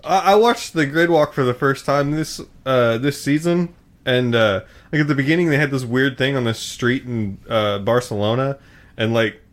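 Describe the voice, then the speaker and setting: A man's voice: mid-range voice, normal speed. Laid-back swearing man podcasting. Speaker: podcast co-host. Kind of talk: casual chat.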